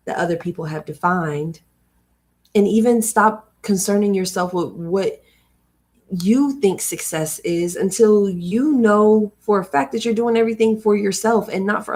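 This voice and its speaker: A woman's voice: medium pitch, darkish tone. Chatty woman reading aloud on a livestream. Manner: chatty, mixes reading with personal asides. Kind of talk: reading aloud with casual commentary.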